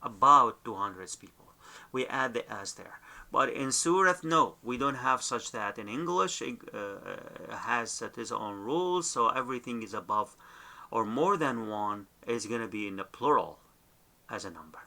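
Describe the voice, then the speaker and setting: A man's voice: medium pitch, animated, measured pace, pushed and bright. A man with an Assyrian accent teaching pronunciation. He says each sound and word, then says it again. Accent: Assyrian, Dashtan Ninwe dialect. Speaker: language teacher. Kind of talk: slow spoken lesson with repeated pronunciation drills.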